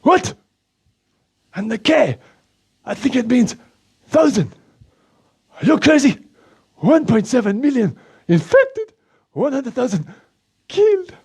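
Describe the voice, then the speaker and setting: A man voicing an excitable, proud Slovak man with a Slovak accent who speaks broken English, gushes and panics easily. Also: very high voice, slow, pauses often, slightly rough, voice pushed up, heavily acted. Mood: alarmed.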